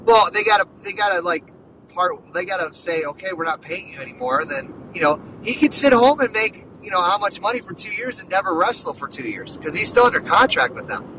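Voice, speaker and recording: A man hosting a casual sports podcast, talking in an excited, rambling way full of "dude" and "like.". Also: high voice, brisk, recorded from a distance, background noise. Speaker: podcast host.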